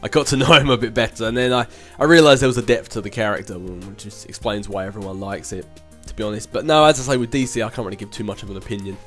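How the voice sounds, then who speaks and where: A man's voice: lowish voice, fast, hardly any pauses, a bit bright, soft background music. A young man hosting his channel, casually answering viewer questions in a chatty, rambling way with frequent laughs. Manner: chatty, rambling, laughs often, with filler hums. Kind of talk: casual Q&A chat.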